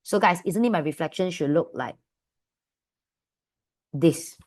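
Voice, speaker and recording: Malaysian lady maths tutor, slightly low voice, chatty and affectionate, keeps asking the class questions. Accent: Malaysian English. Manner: affectionate, calls students "my dear"; lively, asks many quick questions. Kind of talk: online class teaching.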